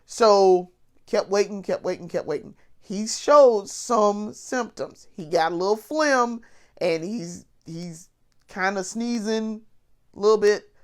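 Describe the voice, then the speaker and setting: Sick woman vlogger, lowish voice, congested, casual and blunt, curses a lot while venting. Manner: blunt and ranting, swears freely, stumbles and restarts. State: sick with covid, congested and coughing. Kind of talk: casual vlog rant.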